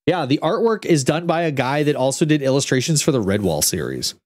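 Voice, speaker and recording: Young man, streamer, lively animated voice, rambling casual chat, dry close mic. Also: on the high side, fairly quick, no room sound. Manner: chatty, rambling, restarts and fillers.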